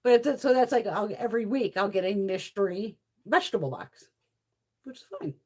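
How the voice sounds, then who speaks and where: A woman's voice: mid-range voice, fairly quick. A middle-aged woman chatting casually on her vlog, telling stories with lots of swearing and laughter. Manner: swears freely, laughs often, animated storytelling. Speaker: beauty vlogger. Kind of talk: casual chit-chat.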